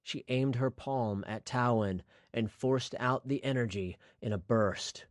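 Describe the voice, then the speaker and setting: A man narrating a fantasy audiobook in a steady, scripted storytelling voice. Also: medium pitch, measured pace, no room sound, studio quality.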